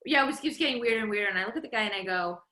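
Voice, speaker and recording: A woman guest on a podcast, telling a story in a lively, animated way, stumbling and restarting as she acts out the quotes. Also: medium pitch, racing, echoey room. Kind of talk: casual storytelling chat.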